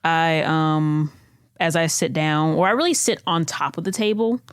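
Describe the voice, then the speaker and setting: A woman playing a tabletop role-playing game, drawing out her lines playfully and jumping high when she speaks in character. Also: clean tone, no echo, studio quality. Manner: playful, slow, drawn-out character voice with high squeaky lifts. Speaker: player.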